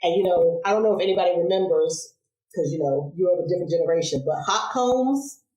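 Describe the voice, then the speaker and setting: A woman in her forties, a podcast guest, telling childhood stories in a casual interview, animated, laughing and acting out voices. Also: on the low side, fast. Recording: roomy echo.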